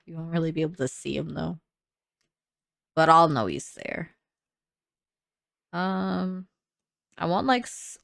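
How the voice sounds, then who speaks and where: A woman's voice: low voice, creaky, no room sound, clean studio sound. A young woman casually thinking aloud while she builds in a game, chatty and full of "like"s. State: sleepy, yawning. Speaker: gaming creator building in a life sim.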